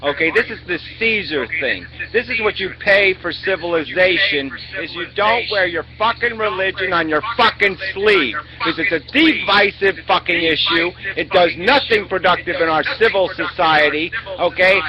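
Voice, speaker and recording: A man's voice: high-pitched, moderate pace, hardly any pauses. A man hosting a heated online debate, ranting emphatically and swearing constantly. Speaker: channel host in online debate. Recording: lo-fi webcam stream audio with crowd noise.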